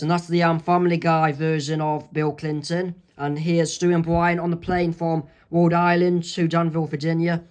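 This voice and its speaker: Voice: medium pitch, level tone, moderate pace, hardly any pauses, darkish tone, clear, resonant tone. A comic creator narrating their own strip in a rambling way, full of ums and self-corrections. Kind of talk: amateur comic read-aloud.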